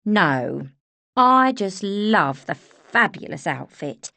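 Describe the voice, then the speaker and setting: Brassy, teasing woman nurse with an Estuary accent, read by a woman narrator; loud and sassy in a storybook. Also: medium pitch, very animated, takes it slowly, vocal fry, no room sound, exaggerated voice. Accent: Estuary English.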